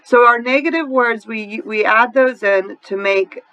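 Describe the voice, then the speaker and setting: A woman with a New Orleans accent teaches an English grammar lesson in a bright, clear voice. She explains step by step and keeps asking "right?" to check that the class follows. The sound is close and dry, with no room around it. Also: a little high, unhurried, no room sound, low-quality recording. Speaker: ESL teacher.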